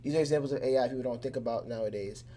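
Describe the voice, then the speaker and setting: Brief: a man as a relaxed lesson host, loose delivery with plenty of fillers, keeps it simple. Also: medium pitch, very fast. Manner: loose and conversational, with many fillers and restarts; keeps things simple with everyday examples. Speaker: teacher. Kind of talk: casual explainer lesson.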